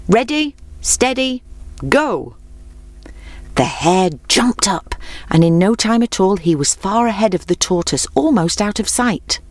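Female storybook narrator, lowish voice, measured and clear, dry booth sound. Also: a little mellow, no room sound.

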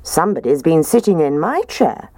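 A woman's voice: low-pitched, big pitch swings, moderate pace, dark tone, no room sound, studio quality. A woman voicing a kindly mother bear in a storybook reading.

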